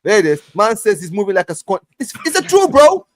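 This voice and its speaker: A man rants on a football podcast, swearing freely and tripping over his own restarts. His voice sits high and swings widely in pitch. The sound is dry and close. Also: brisk, no room sound. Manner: animated, ranting, swears a lot, restarts phrases. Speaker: podcast host. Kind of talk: heated casual football chat.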